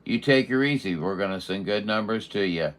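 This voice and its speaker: A man's voice: lowish voice, animated, fairly quick. A man working amateur radio contacts, chatting in a folksy way with lots of fillers.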